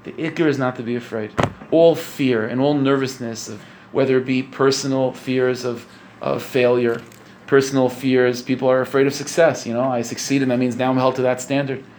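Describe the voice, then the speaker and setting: A man's voice: mid-range voice, fairly even intonation, moderate pace, darkish tone, a little hiss or hum. A man, a religious speaker, giving a conversational storytelling sermon, often repeating phrases and checking in with his listeners. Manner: conversational, repeats phrases, asks "you know what I'm saying?".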